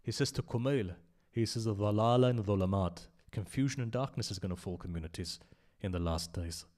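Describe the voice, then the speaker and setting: Low-voiced guy preaching at a memorial gathering, gets loud then goes quiet, very passionate. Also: fairly quick. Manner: impassioned, rising to loud emphasis and dropping to hushed asides. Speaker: speaker at a memorial majlis. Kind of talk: sermon with storytelling.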